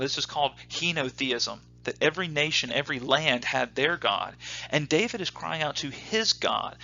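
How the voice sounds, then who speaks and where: A man's voice: a little high, pushed and bright, lo-fi sound. A man teaching a lecture, reading passages aloud and stopping to explain them and pose questions to the class. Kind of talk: lecture on scripture.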